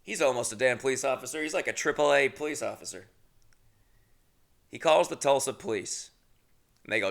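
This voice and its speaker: A man's voice: medium pitch, a little fast, gravelly, pauses often. A young adult man hosting a podcast, telling a rambling, comedic story about himself, swearing often and laughing at his own mishaps. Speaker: podcast host.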